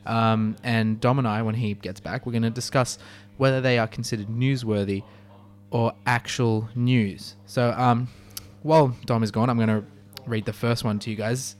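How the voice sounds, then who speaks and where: A man's voice: medium pitch, fairly even intonation, normal speed. A man co-hosting a student radio show, chatting casually in a rambling way full of fillers. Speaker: radio co-host.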